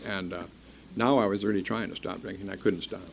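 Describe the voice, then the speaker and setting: Gravelly older man, blunt and wry. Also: low-pitched, fairly even intonation, brisk, a little hiss or hum. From Iowa. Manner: blunt, wry, self-mocking. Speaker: speaker at a recovery meeting. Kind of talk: personal storytelling talk.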